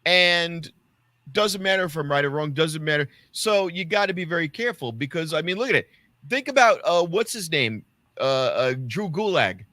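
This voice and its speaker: Bright, animated male podcast storyteller. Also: a little high, normal speed, no echo. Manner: animated storyteller acting out quotes. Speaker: podcast co-host and stand-up comic. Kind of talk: casual podcast chat.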